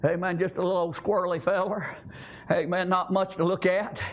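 A man preaching a sermon, shouting out emphatic lines and punctuating them with frequent amens. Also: sits high, flat delivery, fairly quick.

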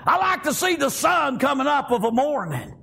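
An older man preaching a fervent sermon, halting with many fillers and constant "amen" and "praise God". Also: very high voice, big pitch swings, vocal fry, bright, forceful tone.

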